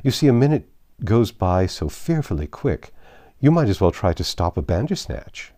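A man voicing a fussy, impatient old king who talks in a peevish, excitable way. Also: on the low side, normal speed, no echo, studio quality.

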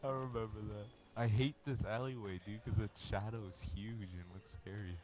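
A man's voice: lowish voice, steady tone, fairly quick, background noise. A young man chatting and teasing friends while gaming, laughing often. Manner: teasing, laughing, mild exclamations. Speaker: gamer. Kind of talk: casual gaming chat with friends.

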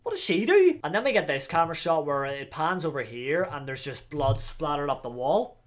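A man giving excitable, slangy commentary while reacting to a wrestling video. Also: fairly high pitch, moderate pace.

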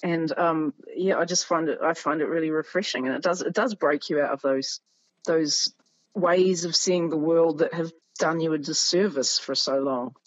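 A woman's voice: sits low, moderate pace, no room sound, lo-fi sound. A woman with a New Zealand accent, a musician and writer, chatting as a podcast guest. She tells stories with animation, laughs often and acts out the voices of the people she quotes. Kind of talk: casual conversation. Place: home in Germany near the Polish border.

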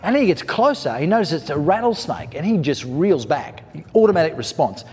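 A man's voice: a little high, sing-song, brisk, a little mellow. A man telling a parable in an educational talk, emphatic and conversational. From Australia. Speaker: storyteller, speaker. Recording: long hall reverb, faint music.

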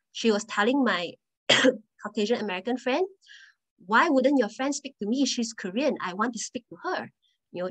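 A woman's voice: medium pitch, poor audio. Earnest woman giving a storytelling talk. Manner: conversational, earnest, often restarts phrases. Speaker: guest speaker.

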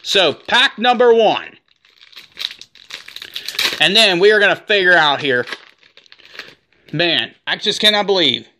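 A man in his forties narrating a card-pack opening in casual commentary, rattling off names one after another and saying he is shaking with excitement. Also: high voice, slow, pauses often, noisy background. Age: 40s. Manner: rattles off names in a running list. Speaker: card collector opening packs.

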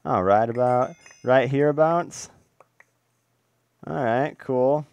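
A young man casually commentating his own game play, excitable and swearing, cooing baby talk at the animals. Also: mid-range voice, takes it slowly, no echo, muffled recording. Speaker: gaming video host.

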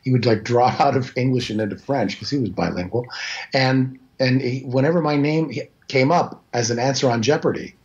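A man's voice: mid-range voice, moderate pace, darkish tone. A Canadian voice actor in his sixties, chatting as an interview guest and telling rambling, self-deprecating stories. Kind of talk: casual interview chat. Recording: slightly dull lo-fi audio.

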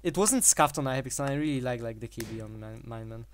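A man talks through his own gameplay in a loose, rambling way, piling up fillers and breaking into short laughs between phrases. His voice sits at an ordinary middle pitch, with a faint hiss of noise under the recording. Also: fast talker. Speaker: gaming channel host. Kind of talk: casual gameplay commentary.

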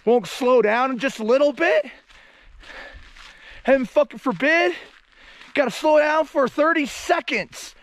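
A man's voice: extremely high pitch, a little slow, long pauses. A man who is a long-distance hiker, talking to camera outdoors on a mountain road while he walks, exclaiming, swearing freely and whooping. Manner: exclamatory, profane, laughs often, loud whoops. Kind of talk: casual walking vlog monologue.

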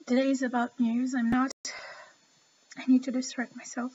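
A woman's voice: sits high, level tone, normal speed, pauses often, mellow, husky, lo-fi sound. A woman giving an impassioned, emotional opinion vlog, talking straight to the viewer. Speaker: vlogger.

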